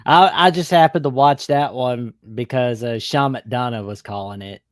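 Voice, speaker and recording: A man co-hosts a casual sports podcast, easygoing and joking. He keeps his answers short. His voice is fairly low in pitch and recorded close, with no room echo. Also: moderate pace. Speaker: podcast co-host.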